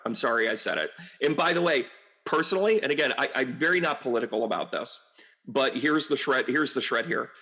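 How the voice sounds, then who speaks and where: A man's voice: medium pitch, animated, a little fast, pushed and bright. A middle-aged man from the United States, a medium, talking to camera in a rambling, chatty way full of fillers and asides. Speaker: medium and astrologer. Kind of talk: casual to-camera monologue.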